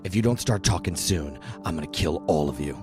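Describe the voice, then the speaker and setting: A man voicing a hot-tempered orc thug who talks gruffly and threateningly. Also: low voice, animated, fairly quick, over music. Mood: menacing.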